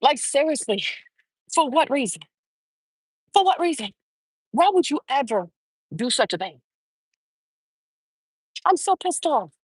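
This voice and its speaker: A woman's voice: sits high, big pitch swings, a little slow, long pauses, no room sound. A woman hosting her own show, giving heated, profane opinion commentary and repeating phrases for emphasis. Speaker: show host.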